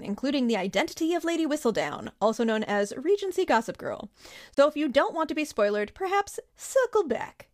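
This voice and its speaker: Woman therapist hosting a podcast, playful, bouncy lively voice. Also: high-pitched. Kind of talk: casual podcast chat.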